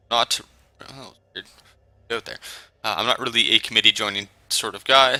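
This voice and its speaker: A man's voice: mid-range voice, steady tone, fairly quick, sharp tone, dry recording. A man giving casual, chatty gameplay commentary with self-deprecating asides. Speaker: gameplay streamer. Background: faint game music.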